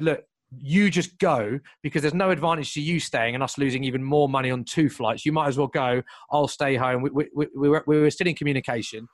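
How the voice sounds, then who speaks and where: A young man telling a long story in casual chat, lively and full of asides and restarts. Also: fairly high pitch, no room sound. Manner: animated, fast, piles up asides and restarts.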